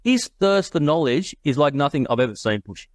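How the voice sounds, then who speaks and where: A man's voice: a little high, lively intonation, fairly quick, no echo. A middle-aged man telling business stories in a casual podcast interview, quoting people in voices and laughing often. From Australia. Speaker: guest investor.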